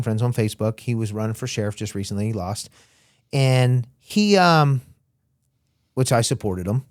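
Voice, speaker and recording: Animated man telling his story, dry sound. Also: mid-range voice, no echo. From Florida. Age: young adult. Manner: animated, acts out quotes of others. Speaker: interview guest, former smuggler. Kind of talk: casual storytelling interview.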